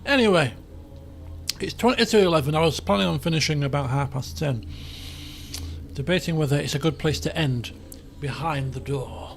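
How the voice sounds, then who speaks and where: A man's voice: a little high, normal speed, vocal fry, slight background noise. A man chatting his way through a video game, thinking aloud and poking fun at himself. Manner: chatty, thinks aloud, jokey and self-mocking. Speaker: game streamer. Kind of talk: casual let's play commentary.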